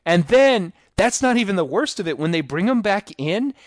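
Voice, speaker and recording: Animated man mocking a movie, dry sound. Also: high voice, normal speed, no echo. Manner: animated, mocking, acts out quotes. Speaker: podcast co-host. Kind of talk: casual movie review chat.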